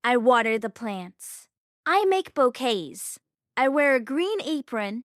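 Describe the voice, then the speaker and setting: Slow, expressive woman storyteller. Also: a little high, no echo, studio quality. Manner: clear, emotional storytelling. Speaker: narrator. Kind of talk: slow, simple narration for English learners.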